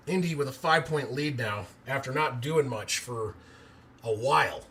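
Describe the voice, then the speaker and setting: A man doing amateur live play-by-play of a football game, excitable and breaking into loud cheers, chatting with viewers between plays. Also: mid-range voice, measured pace.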